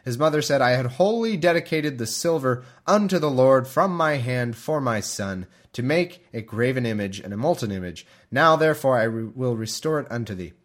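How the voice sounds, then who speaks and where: Male podcast host, conversational reader, bemused and chatty, quick to laugh, mid-range voice. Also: mid-range voice, expressive. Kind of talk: reading scripture aloud with casual commentary.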